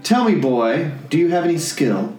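Man voicing a haughty stuck-up valet, slow and formal, roomy sound. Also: on the high side, very animated, darkish tone, soft background music. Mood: condescending. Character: pompous self-important male valet.

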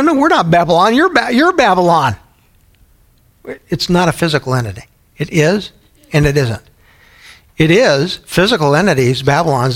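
Guy teaching bible study, kinda high voice, keeps asking the crowd questions. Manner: asks the audience questions often.

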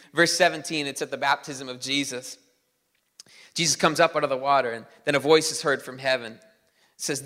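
A man preaching a sermon to his congregation, emphatic, moving between loud declarations and soft, quiet passages. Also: high voice. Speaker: pastor. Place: church hall. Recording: long reverb of a church hall.

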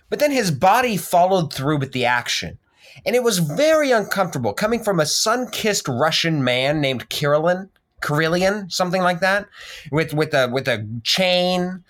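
A man co-hosting a podcast, telling a story in a rambling, animated way with restarts and laughter. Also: on the high side. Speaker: podcast co-host. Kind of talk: casual chat.

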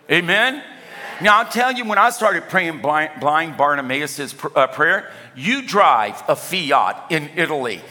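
A man's voice: on the high side, pushed and bright. An older man preaching a sermon as pastor, talking conversationally and often asking the congregation if they follow him. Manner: conversational, asks the congregation for responses. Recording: echoey hall with long reverb.

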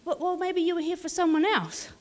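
A woman doing a high, vague teenage girl. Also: steady tone, fairly quick, big-room sound. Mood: unbothered.

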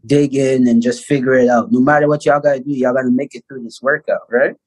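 A man in his thirties from Canada, a guest telling a personal story in a casual interview with lively, animated delivery. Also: mid-range voice, quick pace, low-quality recording. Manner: animated storyteller, acts out quoted voices loudly. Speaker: guest, basketball player.

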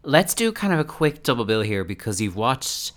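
Bright-voiced enthusiastic male host. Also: medium pitch, very animated, moderate pace. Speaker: podcast host. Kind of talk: casual chat.

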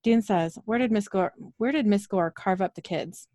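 A woman co-hosting a podcast, briskly recapping a show's scenes and reading the dialogue aloud, laughing often. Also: medium pitch, mellow, dry recording, studio quality. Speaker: podcast co-host recapping episodes. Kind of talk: casual recap with read-out dialogue.

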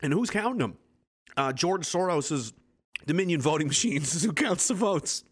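Man in his twenties, streamer, heated and sarcastic, swears a lot, fairly high voice. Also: lively intonation, normal speed, slightly rough. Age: 20s. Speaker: livestream host. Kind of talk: angry political rant on a livestream.

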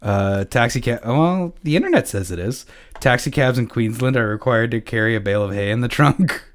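A man's voice: mid-range voice, fairly quick. A man from Canada hosting a podcast, easygoing, laughing often and swearing casually. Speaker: podcast host. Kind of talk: casual chat.

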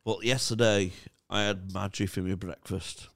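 Sweary lad, gravelly. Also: male voice, low voice, fairly even intonation, moderate pace. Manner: swearing, loud teasing bursts. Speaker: podcast co-host. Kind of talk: casual banter.

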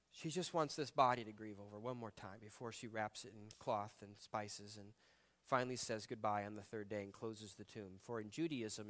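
Bright-voiced male pastor preaching conversationally. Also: medium pitch. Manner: conversational, emotive, shifting between loud emphasis and soft reflection. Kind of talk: sermon.

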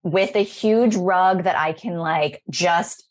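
A woman in her thirties with a low voice talks as a podcast host. Her chat is effusive and rambling and often emotional. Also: slow. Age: 30s. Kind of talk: casual spiritual chat.

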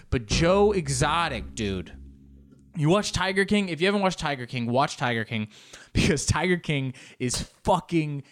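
A man doing a stand-up comedy bit, riffing in an animated, shouty and crude way, often jumping up in pitch.

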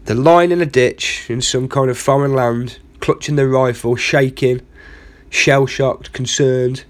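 A man's voice: mid-range voice, steady tone, a little slow. A man hosting a comedy podcast, telling a rambling, self-mocking story full of asides. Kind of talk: comic storytelling monologue.

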